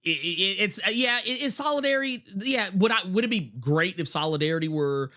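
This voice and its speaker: A man's voice: high voice, expressive, brisk, bright, forceful tone. A man co-hosting a podcast over a video call, agreeing emphatically in casual chat with many stammered restarts. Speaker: podcast co-host.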